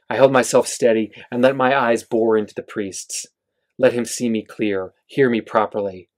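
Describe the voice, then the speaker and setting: A man, the author, reading his novel aloud at a bookstore event, with casual asides to the audience. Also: on the low side. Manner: steady reading with filler-heavy asides.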